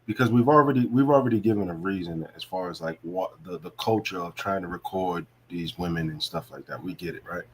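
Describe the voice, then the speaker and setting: A man's voice: low voice, brisk, hardly any pauses, a little hiss or hum. A man from the US Northeast talking on an online panel, asking questions in a loose, conversational way. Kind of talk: casual online panel chat.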